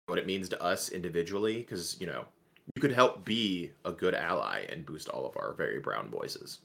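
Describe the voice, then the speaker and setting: A man guesting on a podcast in casual chat, animated and joking, jumping in with quick asides. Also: low voice, vocal fry.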